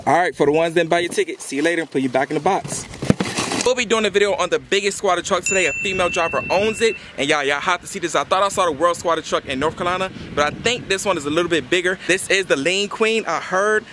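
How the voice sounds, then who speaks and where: A young man, talking fast and casually to the camera as a truck vlogger. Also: sits high, pushed and bright, slight background noise. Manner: fast-talking, says y'all a lot. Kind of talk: casual vlog talk to camera.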